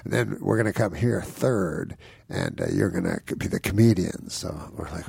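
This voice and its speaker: Middle-aged male comedian, low raspy voice, dry close sound, spins self-mocking tales and acts out the other people in them. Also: huge pitch swings, moderate pace, darkish tone, no echo. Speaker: guest comedian. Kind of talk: casual storytelling anecdote.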